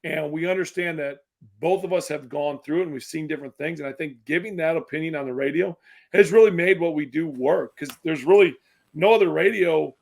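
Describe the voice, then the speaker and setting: A man from Wisconsin, a former basketball player, chatting as a podcast guest in an animated, emphatic way. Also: on the high side, gravelly. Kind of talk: casual podcast chat.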